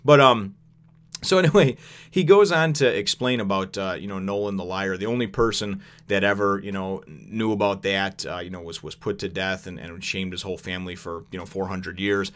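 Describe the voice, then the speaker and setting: A man's voice: deep voice, normal speed, a bit bright. A young adult man casually recapping a manga chapter, rambling with lots of fillers and chuckles.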